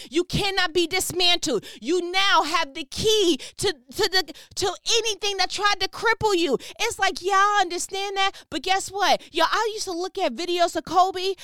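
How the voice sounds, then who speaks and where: A woman's voice: extremely high pitch, a bit bright, no echo, studio quality. A woman preaching with fervent, emphatic energy, dropping slang and firing repeated questions, speaking over a phone. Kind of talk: motivational preaching.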